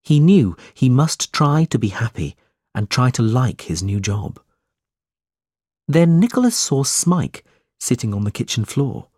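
Male audiobook narrator, unhurried and husky, lively intonation, dry sound. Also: medium pitch, no room sound. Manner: slow, measured. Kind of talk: audiobook reading.

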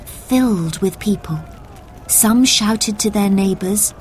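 A woman narrating a children's storybook in a clear, measured way. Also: mid-range voice, background noise.

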